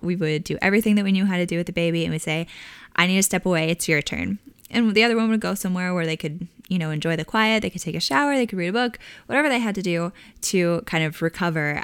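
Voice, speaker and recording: Woman in her 30s chatting advice, smooth lowish voice, dry close sound. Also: no room sound. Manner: warm conversational with frequent fillers and laughs. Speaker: podcast host. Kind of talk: casual advice talk.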